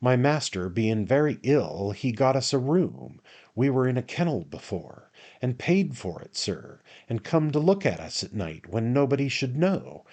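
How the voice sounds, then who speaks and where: A man's voice: mid-range voice, big pitch swings, a little slow, darkish tone. A man voicing a meek, half-starved young servant who speaks humbly and deferentially in a storybook reading. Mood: humble, pleading.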